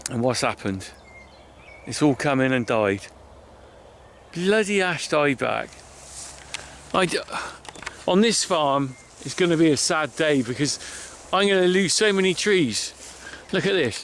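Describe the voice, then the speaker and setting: Heartfelt farmer rambling outdoors. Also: male voice, on the high side, slight background noise. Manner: chatty, heartfelt, rambling with sighs. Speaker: farmer vlogger. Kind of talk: casual walk-and-talk vlog. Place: outdoors on a farm by hedgerows.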